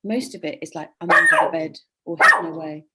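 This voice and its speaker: A woman's voice: on the low side, very animated, brisk, gravelly, heavy background noise. A woman hosting a casual craft livestream from home, chatting in a rambling, cheerful way over a video call. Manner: chatty, rambling, laughs often. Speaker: livestream host. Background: dog.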